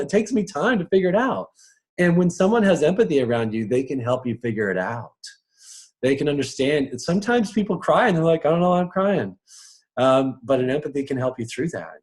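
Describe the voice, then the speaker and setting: His voice is fairly high and a little mellow as this man coaches an audience on personal strengths in a relaxed live talk. Frequent chuckles and quick character voices pepper his delivery.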